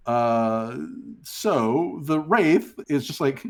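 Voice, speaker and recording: A man's voice: mid-range voice, expressive, takes it slowly. A man narrating as game master of a tabletop game, laid-back and full of fillers.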